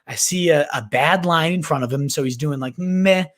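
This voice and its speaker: Male livestream host, slightly higher voice, hyped and slangy, thinks aloud with restarts. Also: moderate pace. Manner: hyped, slangy, calls viewers "baby" and "my dude"; restarts and repeats words while thinking aloud. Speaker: fantasy football livestream host. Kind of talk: casual live Q&A chat.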